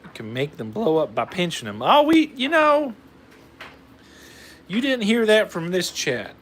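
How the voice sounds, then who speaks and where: A man's voice: a little high, sing-song, normal speed. A man hosting a fireworks video in a put-on Southern drawl, folksy and joking as he rambles through a hands-on demo for a camera operator. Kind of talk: casual hands-on demonstration. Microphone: camera mic, filmed by a camera operator. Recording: roomy, distant camera audio with faint noise.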